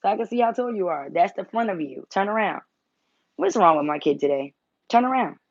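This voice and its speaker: A woman's voice: medium pitch, animated, fairly quick, no echo, dull audio. A woman hosting a casual livestream from home, blunt and teasing, swearing freely as she talks. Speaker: tarot reader and channel host.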